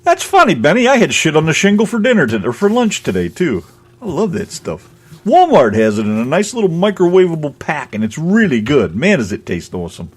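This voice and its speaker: A man's voice: a little high, huge pitch swings, a little fast, breathy edge. A man hosting a casual radio show, chatting in a rambling way and laughing often. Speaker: host.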